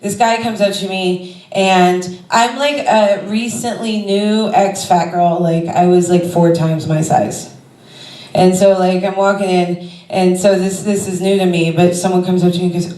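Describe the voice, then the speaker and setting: A woman's voice: mid-range voice, fairly even intonation, moderate pace, a little mellow. Rambling woman comic in an echoey club. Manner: rambling, conversational, with many fillers. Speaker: stand-up comedian. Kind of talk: stand-up comedy set. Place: comedy club stage before a crowd. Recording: roomy club sound from a distance.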